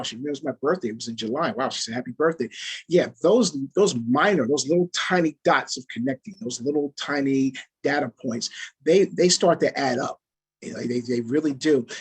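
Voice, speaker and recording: A man's voice: mid-range voice, husky. A man facilitating an interactive training over a video call, speaking conversationally and repeating phrases for emphasis. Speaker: workshop facilitator.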